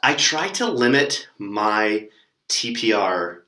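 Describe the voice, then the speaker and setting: Young man, online teacher, casual tips, lowish voice, bright tone, echoey room. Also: slow. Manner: relaxed, lots of fillers, demonstrates words with gestures.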